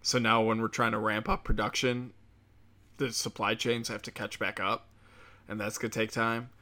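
A man's voice: fairly low pitch, level tone, normal speed, sharp tone. Sarcastic, profane ranting man. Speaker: commentator. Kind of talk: casual political rant.

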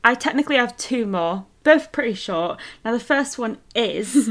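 A woman's voice: a little high, lively intonation, moderate pace, a bit bright. Chatty woman co-hosting a podcast. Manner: chatty, laughs often, restarts sentences. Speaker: podcast co-host. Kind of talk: casual chat.

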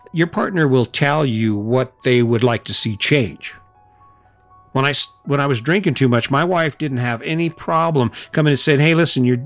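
Podcast host, man, middle-aged, mid-range voice, chatty motivational monologue, faint music behind. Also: medium pitch. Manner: casual, chatty, laughs and acts out little scenes.

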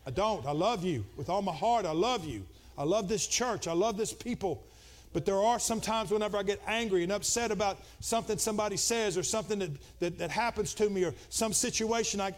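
A middle-aged man preaching a Pentecostal sermon, dropping to quiet conversational talk and then climbing into shouted, fervent preaching. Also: sits high. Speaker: pastor.

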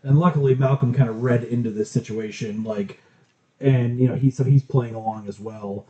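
A man's voice: medium pitch, fairly even intonation, moderate pace, mellow, highs cut off. A man casually recapping a film in loose, profane chat.

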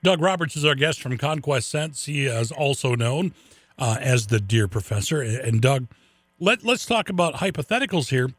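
A man hosting a radio show, chatty and animated, telling stories with quick restarts. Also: mid-range voice, dry recording. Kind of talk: casual radio interview.

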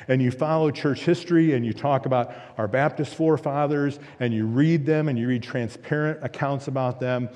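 A male pastor delivers an emphatic sermon, building repeated phrases and asking rhetorical questions. His voice is warm and mellow at an ordinary pitch. It rings out with the long reverb of a church hall. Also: fairly even intonation, normal speed, few pauses. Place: church sanctuary.

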